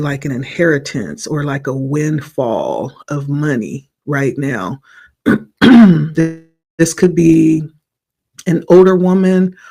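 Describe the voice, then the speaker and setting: A man giving a spiritual tarot reading in a slow, reflective, encouraging way, his voice a little hoarse from the morning. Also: on the high side, warm tone. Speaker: tarot reader.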